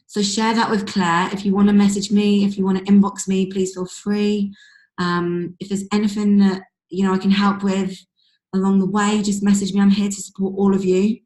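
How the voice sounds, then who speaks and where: A woman's voice: mid-range voice, little pitch movement, moderate pace, a little mellow. Woman hyping up her team on a video call, voice kinda strained, rambly, echoey room. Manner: gushing, rambling, lots of likes and ums. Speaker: team leader hosting a group call. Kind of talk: motivational pep talk. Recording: roomy echo on a call.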